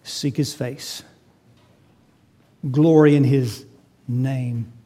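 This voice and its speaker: A man preaching a sermon, swinging between loud, emphatic lines and quiet asides as he works through a scripture passage. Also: mid-range voice, steady tone, extremely slow. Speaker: pastor.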